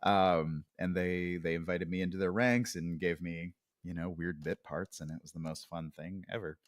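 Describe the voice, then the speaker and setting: Deep-voiced man, reflective podcast guest. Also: fairly even intonation, normal speed, no echo, studio quality. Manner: reflective, hesitant, with many fillers and restarts. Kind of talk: casual podcast conversation.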